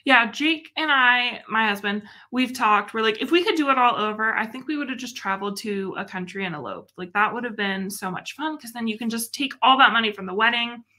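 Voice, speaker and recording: Chatty young woman host, bright, fairly high voice, expressive and quick to laugh. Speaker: livestream host. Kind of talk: casual live-stream chat.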